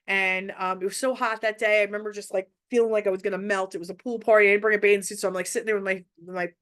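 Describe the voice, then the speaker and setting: A woman's voice: medium pitch, steady tone, very fast, a bit bright. A mother telling a personal parenting story in a casual, candid way, often restarting her phrases. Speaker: mother sharing parenting advice.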